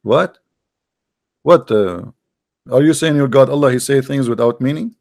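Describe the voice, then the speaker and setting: A man hosting a debate, pressing with rapid repeated questions. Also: medium pitch, darkish tone. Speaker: debate host. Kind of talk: live call-in debate.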